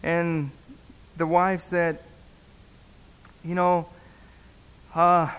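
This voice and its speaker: A man, a pastor, telling a story in a sermon, halting and repeating words as he acts out the dialogue. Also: on the high side, completely flat delivery, fairly bright tone, smooth. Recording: long reverb in a hall.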